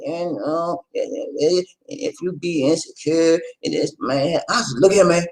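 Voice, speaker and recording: A man from the United States hosting a live stream, talking loud and playful, often repeating himself. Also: fairly high pitch, measured pace, low-quality recording. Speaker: host. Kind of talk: lively live-stream chat.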